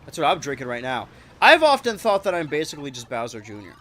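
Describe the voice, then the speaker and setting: A man streaming a kart racing game, rambling and joking to his chat with sudden excited yelps. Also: fairly high pitch, fast talker, faint music behind. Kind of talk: live-streamed gameplay commentary.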